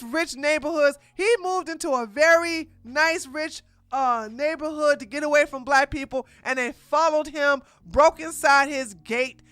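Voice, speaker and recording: A woman hosts a casual commentary stream, reacting with animated mockery and laughter. Her voice is bright and sharp, and she takes her time. It sits close and dry, with faint music behind. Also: sits high, no room sound. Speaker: commentary host.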